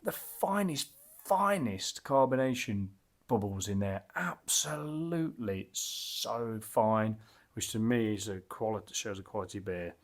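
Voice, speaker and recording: A man's voice: on the low side, expressive, normal speed. A man casually reviewing a beer as he tastes it, enthusiastic and rambling, with lots of fillers and restarts.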